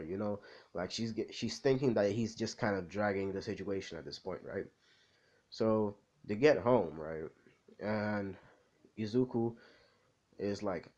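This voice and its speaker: A man's voice: fairly low pitch, unhurried, pauses often, darkish tone, highs cut off. A man casually retelling a fan-made story, rambling with lots of fillers. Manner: rambling, full of "like" and "you know".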